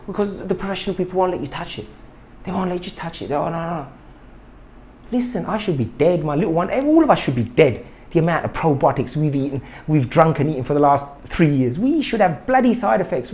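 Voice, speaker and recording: A man's voice: sits high, animated, fast, darkish tone. A middle-aged man, talking indignantly to camera about health and firing off rhetorical questions, repeating himself for emphasis. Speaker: health vlogger. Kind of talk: impassioned monologue to camera.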